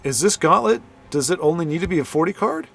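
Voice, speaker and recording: A man's voice: fairly high pitch, animated, quick pace, creaky, slight background noise. A man giving casual commentary on a card game, thinking aloud, counting and correcting himself as he goes. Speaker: gameplay commentator. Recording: voice over loud game music.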